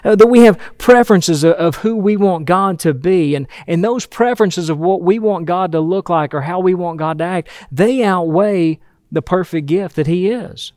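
Male preacher, sermon, earnest, emphatic, fairly high voice, dry close sound. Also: moderate pace, a little mellow, no room sound. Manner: earnest, emphatic, with frequent restarts and repeated words.

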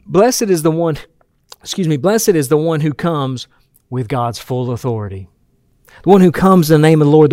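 A man's voice: fairly high pitch, darkish tone, no echo, studio quality. A man preaching a sermon in an earnest, emphatic way, often restarting and repeating words.

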